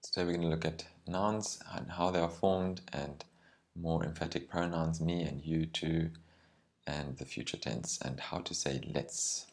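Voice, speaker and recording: A man teaching a language lesson, explaining words carefully and sometimes slowing down to spell out meanings. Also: rumbling low, fairly even intonation, a little mellow. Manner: careful and explanatory, with some ums and slowed words.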